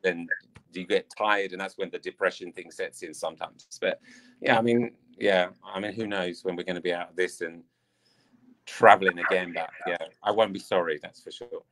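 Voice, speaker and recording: English dance coach guy, lowish voice, rambly casual chat, lots of "i mean". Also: fairly even intonation, normal speed, fairly bright tone, a little hiss or hum. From England. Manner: chatty and rambling, many "I mean" fillers. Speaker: dance teacher and coach, interview guest.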